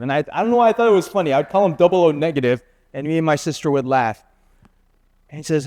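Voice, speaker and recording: A man in his fifties delivers a sermon as a guest preacher, telling a personal story slowly and earnestly. His voice is smooth and a little high. The sound is close and dry, with no room around it. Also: a little mellow, no room sound. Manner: earnest, slow confessional storytelling.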